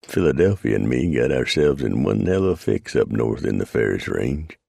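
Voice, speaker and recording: A man voicing a grizzled, dry-humored male mountain man with an unhurried frontier drawl, read as an audiobook. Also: rumbling low, very animated, gravelly, darkish tone, husky, no room sound, exaggerated voice.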